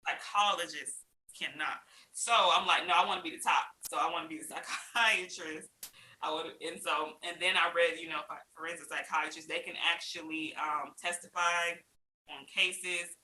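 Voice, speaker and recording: A woman guest telling her story in a casual interview, animated, acting out other people's lines and laughing often. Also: fairly low pitch, normal speed. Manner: laughs often while talking. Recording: roomy with faint hiss.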